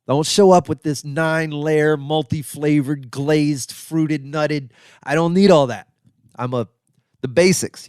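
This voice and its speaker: A man's voice: on the high side, darkish tone, dry recording, clean studio sound. A middle-aged man hosting his own podcast, answering listener questions in a rambling, chatty way with lots of fillers and asides. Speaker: podcast host.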